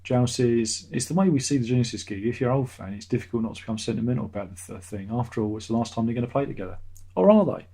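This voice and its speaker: A man's voice: medium pitch, expressive, fast talker, warm tone. A middle-aged man hosting a casual live stream, reading out chat messages and rambling sarcastically, often laughing at his own jokes.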